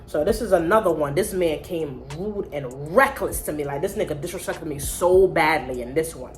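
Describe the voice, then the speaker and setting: A woman vlogger telling a casual storytime, blunt, profane and animated. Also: deep voice, moderate pace, hardly any pauses.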